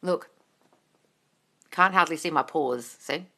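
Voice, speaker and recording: A woman manifesting coach hosting a casual live Q&A, gushing and excitable, calling listeners darling and swearing freely. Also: deep voice, slow. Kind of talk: casual live-stream Q&A, reading viewer comments.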